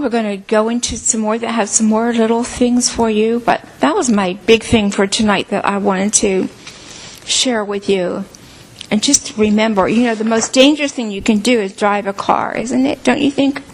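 A woman's voice: a little high, unhurried, breathy edge, rough recording. A woman preaching a sermon in an earnest, conversational way, sharing personal testimony.

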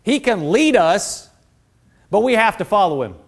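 A middle-aged pastor preaching a sermon in a fairly high voice. He quotes scripture and calls out to his congregation for answers. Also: very animated, unhurried, gravelly. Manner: preaching with call-and-response, quoting scripture.

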